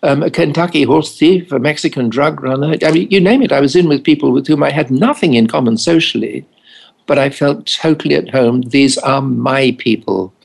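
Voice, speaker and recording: A man's voice: medium pitch, moderate pace, creaky, husky, low-quality recording. An older English man, a family doctor, recounting anecdotes wryly in an interview and acting out the dialogue. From England. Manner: anecdotal, wry, acts out dialogue. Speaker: family doctor and addiction specialist. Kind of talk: storytelling in an interview.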